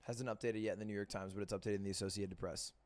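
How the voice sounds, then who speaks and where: A young man hosting a livestream, joking and getting excited about incoming numbers. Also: lowish voice, rapid-fire. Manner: playful, excitable, self-mocking. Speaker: livestream host. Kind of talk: joking live commentary.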